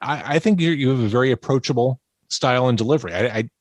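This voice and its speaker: A man's voice: medium pitch, fast talker, dry recording. A man hosting a podcast interview, asking questions and tossing in dry, wisecracking asides. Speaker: podcast host. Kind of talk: casual interview chat.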